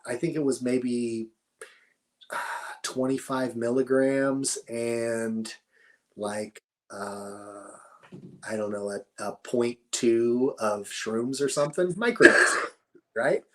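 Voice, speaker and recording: A man's voice: medium pitch, takes it slowly, a bit bright. A middle-aged man, telling stories in a laid-back, rambling, profane way as a podcast guest. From Northern California. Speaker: podcast guest, cannabis grower. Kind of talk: casual conversational storytelling.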